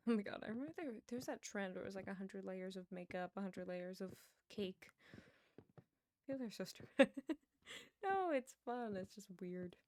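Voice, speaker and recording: A woman's voice: mid-range voice, animated, moderate pace, darkish tone, a little hiss or hum. A young woman streamer chatting casually while she plays a building game, rambling to her viewers. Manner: chatty, rambling, talks to chat while playing.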